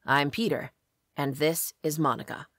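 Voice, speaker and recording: A woman's voice: deep voice, fairly even intonation, unhurried, a bit bright, no room sound, clean studio sound. A woman voicing a tall adult male demon hunter in a storybook reading, speaking in a terse, guarded way.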